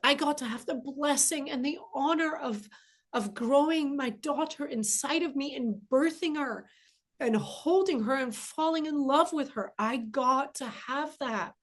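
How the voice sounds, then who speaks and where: A woman's voice: high-pitched, measured pace. A woman spiritual teacher giving an earnest, emphatic inspirational monologue, often repeating key phrases for weight.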